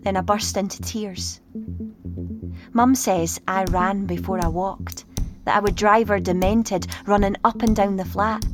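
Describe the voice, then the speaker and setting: A woman reading a first-person storybook as an expressive child narrator. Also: mid-range voice, unhurried. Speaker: audiobook reader. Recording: read over clear music.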